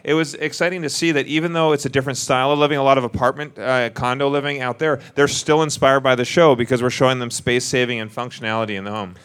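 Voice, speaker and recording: A man co-hosting a live panel, telling stories in a joking, animated way. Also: medium pitch, quick pace, hardly any pauses, clear, resonant tone. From Canada. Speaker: co-host on stage. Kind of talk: casual panel chat.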